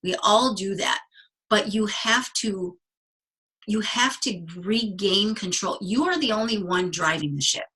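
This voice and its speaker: Bright, husky-voiced woman giving a pep talk. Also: medium pitch, lively intonation, poor audio. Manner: enthusiastic and emphatic, slowing down to stress key words; casual and chatty, with many restarts. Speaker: guest speaker on a team coaching call. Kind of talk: motivational talk.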